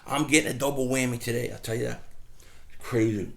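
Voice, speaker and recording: A middle-aged man talking casually outdoors as a fan vlogger, rambling and animated as he tells stories and mocks people. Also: medium pitch, brisk, creaky. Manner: rambling, animated storytelling with mocking impressions. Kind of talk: casual outdoor vlog rant.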